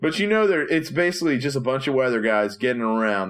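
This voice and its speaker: A man co-hosting a podcast, telling stories in casual chat and acting out quotes in low mumbling voices. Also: sing-song, fast. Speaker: podcast co-host, preacher.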